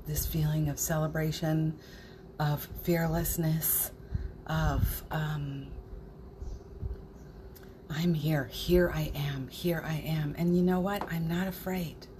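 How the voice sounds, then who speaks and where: Hosting a spiritual morning livestream, a woman with a low voice chats casually and reads viewer comments aloud, growing emotional with laughter and near tears. Background noise is audible.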